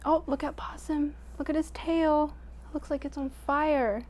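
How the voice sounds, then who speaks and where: A woman storyteller reading a picture book aloud to children in an expressive way, dropping to a hush at quiet moments. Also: sits high, a little slow.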